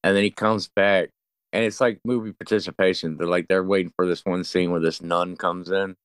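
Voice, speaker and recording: A man's voice: low voice, a little fast, smooth, no room sound. A man chatting casually about a movie, rambling and profane as he retells scenes with plenty of fillers. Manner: rambling, profane, animated storyteller. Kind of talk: casual movie recap chat.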